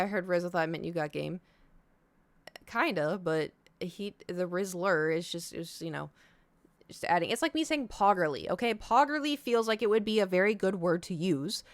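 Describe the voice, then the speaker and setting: A woman's voice: on the low side, no echo. Chatty rambling woman streamer, dry sound. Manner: rambling, self-interrupting storytelling. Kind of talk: casual chat with stream chat. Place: home.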